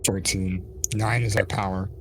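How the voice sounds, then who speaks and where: A man with a somewhat low voice playing a sci-fi tabletop game. He checks the rules out loud and tallies his results with upbeat satisfaction. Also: fairly even intonation, unhurried, slight background noise. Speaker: player.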